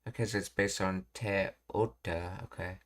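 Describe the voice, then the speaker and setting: A man with a lowish voice talks very slowly through grammar points, halting and restarting as he reads and puzzles things out. He sounds like a streamer studying aloud. Keyboard typing and clicking sit behind him. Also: steady tone. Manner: slow, halting, pausing to read and puzzle things out. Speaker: language learning streamer. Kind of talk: thinking aloud while studying Japanese grammar.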